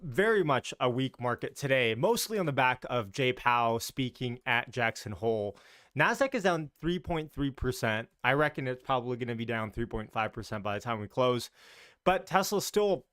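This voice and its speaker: A man's voice: medium pitch, lively intonation, normal speed, fairly bright tone, clear, resonant tone, no room sound, clean studio sound. A man hosting a casual live stream about the market, chatty and loose, greeting viewers as he talks. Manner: talks in loose, restarting sentences.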